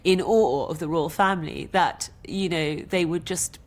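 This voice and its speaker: A woman's voice: fairly low pitch, normal speed. A woman chatting in a street interview, gushing in tone. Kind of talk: chatty vox pop.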